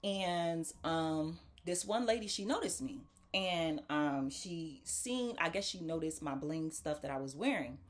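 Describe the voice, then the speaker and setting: A woman's voice: low-pitched, a little slow, hardly any pauses. A woman telling a casual story to viewers, acting out the voices of the people in it. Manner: animated, acts out quoted voices; talks straight to viewers as "y'all". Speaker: talk show host.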